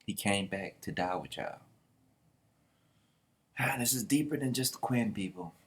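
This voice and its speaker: Lively low-voiced man reacting to a manga. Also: a little slow, husky. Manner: slangy, reads the characters' lines out loud in voices. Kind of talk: casual reading and reaction.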